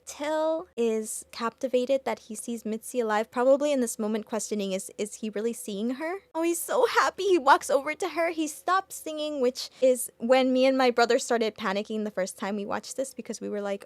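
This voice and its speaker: High-voiced gushing woman reacting. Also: moderate pace, few pauses, dry recording. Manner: emotional, gushing, stumbles over words. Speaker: reaction video host. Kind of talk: excited reaction commentary.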